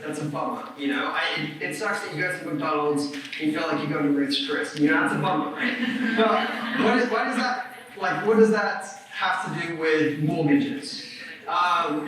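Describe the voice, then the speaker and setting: Bright-voiced man presenting in an echoey hall. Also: fairly high pitch, far from the mic, slight background noise. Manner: casual, filler-heavy explaining. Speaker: presenter at a realtor seminar. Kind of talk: live seminar presentation.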